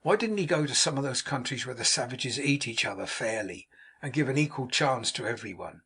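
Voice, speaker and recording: A man voicing a tender-hearted middle-aged female innkeeper, soft and motherly, in a storybook reading. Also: mid-range voice, expressive, brisk, breathy edge, exaggerated voice. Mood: distressed. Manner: soft, motherly, easily moved.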